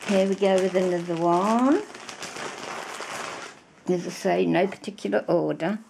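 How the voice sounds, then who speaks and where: Slow, gravelly older British woman. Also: on the low side, noisy background. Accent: British English. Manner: chatty, effusive, rambling with many fillers. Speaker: crafting vlogger. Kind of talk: casual show-and-tell chat.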